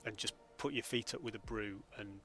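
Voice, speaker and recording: A man's voice: on the low side, moderate pace, a bit bright. A man, chatting casually with viewers during a live gameplay stream from home. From England. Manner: chatty, greets viewers by name.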